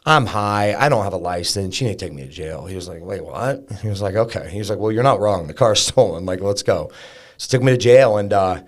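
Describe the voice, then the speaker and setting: Deep-voiced guy on a podcast telling his story, lots of likes and ums, real candid. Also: lively intonation, brisk. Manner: candid, conversational storytelling with many fillers and restarts. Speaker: podcast guest. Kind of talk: personal story in a podcast interview.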